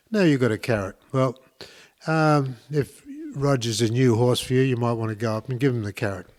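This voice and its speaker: A man's voice: mid-range voice, normal speed, a little mellow. Enthusiastic rambling male host. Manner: enthusiastic, rambling with many fillers and restarts. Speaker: podcast host. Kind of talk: casual instructional talk.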